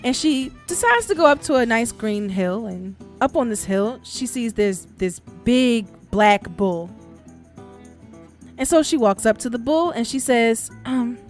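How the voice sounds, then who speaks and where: A woman's voice: a little high, animated, a little slow, soft background music. A woman hosting a podcast, telling folk tales in a casual, chatty way and laughing often. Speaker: podcast host and storyteller.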